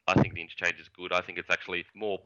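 Former footy winger guest, very low voice, bright and punchy tone, dull lo-fi audio. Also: male voice, little pitch movement, racing, clean tone. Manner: rambling, repeats words, swears casually. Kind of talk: casual sports podcast chat.

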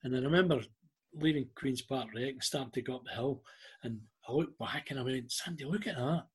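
A man's voice: mid-range voice, a little fast, slightly rough. A middle-aged Scottish man telling a story in casual chat, acting out what people said. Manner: animated anecdotes, acting out quoted voices. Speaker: guest.

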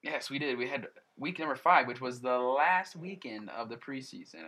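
A man hosting a casual esports podcast, relaxed and rambling with lots of fillers. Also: medium pitch, moderate pace, hardly any pauses. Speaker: podcast host.

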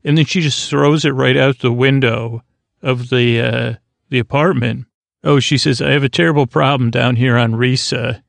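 A man talks through an episode recap in a slow, rambling way that keeps stalling on fillers and restarts. His voice is gravelly with little rise and fall, and the close microphone sounds dry. It suits a drowsy podcast. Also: medium pitch, steady tone, dry recording. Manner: meandering, filler-heavy, halting. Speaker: podcast host.

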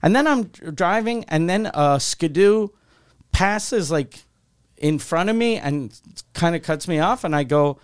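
A man's voice: on the high side, a little slow, clear, resonant tone. A man hosting a podcast, telling a long dream story in casual chat, rambling and swearing freely. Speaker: podcast host.

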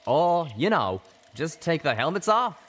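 A man's voice: fairly high pitch, big pitch swings, unhurried, fairly bright tone, a little hiss or hum, voice pushed up. A man voicing a flippant, wisecracking young male pegasus in a storybook reading. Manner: offhand, wisecracking.

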